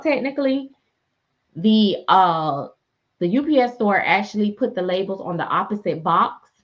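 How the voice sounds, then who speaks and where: Middle-aged woman, laughing storyteller on a live stream, lowish voice, dull lo-fi audio. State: sleepy. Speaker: reborn doll artist and live streamer. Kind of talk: casual live-stream chat.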